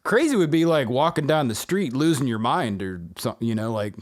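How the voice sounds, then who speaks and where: A man's voice: medium pitch, very animated, a little fast. A man co-hosting a podcast in casual chat, laid-back and teasing, giving mock-professional advice to his friend. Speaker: podcast co-host.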